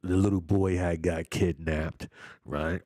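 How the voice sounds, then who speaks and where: Low, slow-talking man reviewing a movie. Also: fairly even intonation, warm tone, no room sound, clean studio sound. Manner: loose and slangy, repeats himself, laughs often. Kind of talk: casual chat.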